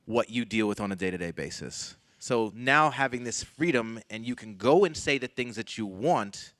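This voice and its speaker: A man's voice: medium pitch, lively intonation, normal speed, fairly bright tone, no room sound. A man interviewing a guest at a live stage event, speaking in a casual, blunt and frank way. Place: event stage before an audience.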